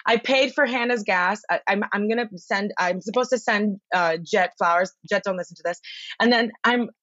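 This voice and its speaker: A woman as a podcast guest, telling a long story in a rambling, excitable way with lots of swearing and restarts, over a remote call. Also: medium pitch, normal speed, dry recording, highs cut off. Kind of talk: casual storytelling chat.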